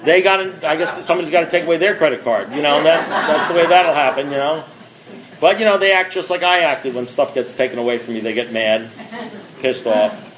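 A man's voice: a little high, a little fast, noisy background. A man speaking at a recovery meeting, telling his story with wry, self-mocking humor and emphatic, repeated build-ups. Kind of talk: storytelling talk.

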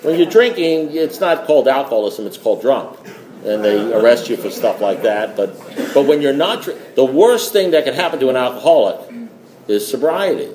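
A man's voice: medium pitch, animated, moderate pace, a little mellow, reverberant. A man telling a rambling, joking story at a recovery meeting. He repeats himself as he goes.

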